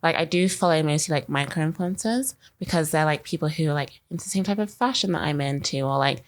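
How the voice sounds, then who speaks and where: A young woman talks fast in a deep voice as she co-hosts a marketing podcast. The conversation is loose and rambling, peppered constantly with "like."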